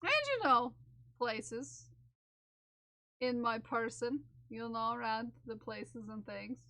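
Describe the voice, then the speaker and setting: Woman streaming live, high voice, slow and playful, dry close mic sound. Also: sharp tone, no room sound. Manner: playful, giggly, repeats phrases in silly drawn-out voices. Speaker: livestreamer. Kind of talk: casual live-stream chat with viewers.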